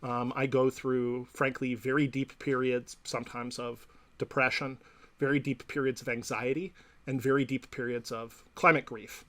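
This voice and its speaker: A man's voice: medium pitch, flat delivery, moderate pace, fairly bright tone. A man giving a long reflective interview answer as a professor and psychotherapist, thoughtful and explanatory, often checking in with "right?" and "you know". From Canada.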